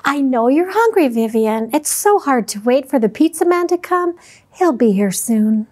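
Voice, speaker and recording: A woman voicing a patient mother who gently asks her child questions in a storybook reading. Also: high voice, expressive, moderate pace.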